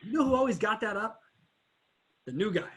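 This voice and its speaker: A man's voice: sits high, animated, fairly quick, fairly bright tone. A man hosting a podcast, telling stories animatedly in casual interview chat and swearing freely. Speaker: podcast host.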